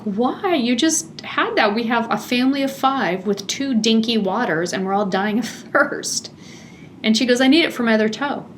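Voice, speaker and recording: A woman's voice: fairly high pitch, slight background noise. Chatty middle-aged woman telling a story. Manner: chatty, animated, laughing often. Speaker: podcast host. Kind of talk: personal storytelling monologue.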